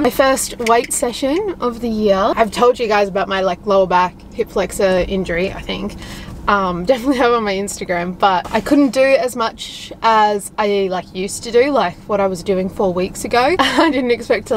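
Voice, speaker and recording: A woman's voice: mid-range voice, a little hiss or hum, low-quality recording. A young woman talking to camera in a casual vlog, chatty and giggly, with lots of filler words. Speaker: vlogger.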